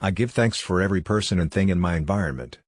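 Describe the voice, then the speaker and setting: Deep husky man telling wry stories. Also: fast talker, no room sound, clean studio sound. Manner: wry, self-deprecating anecdotal delivery. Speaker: interview guest. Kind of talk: relaxed storytelling in a conversational interview. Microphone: video call.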